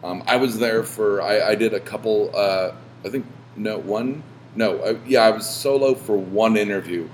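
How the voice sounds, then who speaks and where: A man hosting a podcast, talking casually in a rambling way, full of fillers and restarts and swearing when he gets animated. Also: on the low side, moderate pace, slight background noise. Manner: rambling, self-interrupting with many fillers and restarts. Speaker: podcast host.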